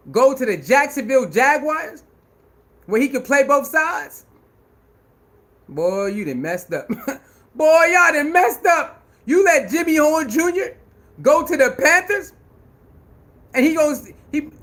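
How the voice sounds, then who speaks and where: Man, animated sports rant, very high voice, bright tone, slang-heavy, repetitive. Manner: loud, laughing, repetitive slang-heavy ranting. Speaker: sports commentator.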